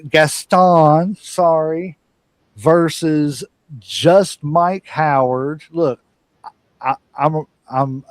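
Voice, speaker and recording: A man's voice: a little high, no echo. A man hosting a casual wrestling podcast, easygoing and rambling, chatting and laughing with his co-hosts. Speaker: podcast host. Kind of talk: casual chat.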